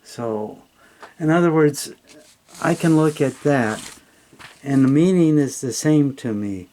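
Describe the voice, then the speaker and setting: A man's voice: a little high, lively intonation, slow pace, warm tone, slight background noise. A man tutoring English, reading a text aloud and explaining it in a patient, plainspoken way with frequent fillers.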